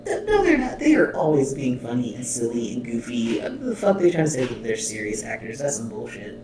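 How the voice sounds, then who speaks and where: Laughing reaction host in a roomy room. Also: male voice, medium pitch, lively intonation, a little fast, over music. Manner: laughs often, exclaims and swears. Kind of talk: casual reaction commentary, reading subtitles aloud. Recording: roomy distant mic with faint noise.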